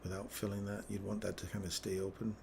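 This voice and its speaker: A man's voice: on the low side, flat delivery, quick pace, vocal fry, background noise. A man hosting a live trading stream, chatting casually and telling rambling stories with frequent chuckles, then thinking aloud through chart analysis.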